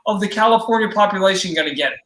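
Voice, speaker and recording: A man chiming in on a casual stream chat with quick, insistent remarks. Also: sits high, fairly bright tone. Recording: echoey room.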